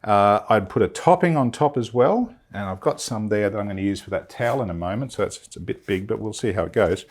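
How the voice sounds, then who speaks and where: A man's voice: lowish voice, lively intonation, a little fast, few pauses. Chatty man demonstrating. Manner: chatty, enthusiastic, thinks aloud with fillers. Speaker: sewing demonstrator. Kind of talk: casual product demonstration. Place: film studio.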